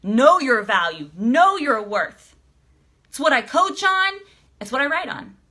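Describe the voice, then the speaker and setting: A woman coach on a live stream with a bright, forceful voice pitched a little high. She talks emotionally and excitably, swears freely and throws motivational questions at her audience. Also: a little slow. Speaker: life coach and author. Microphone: streaming live to viewers.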